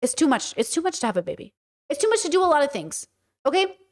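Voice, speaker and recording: A woman hosting a casual livestream, talking to her chat in a blunt, animated way and swearing freely. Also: high-pitched, quick pace. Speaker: streamer host.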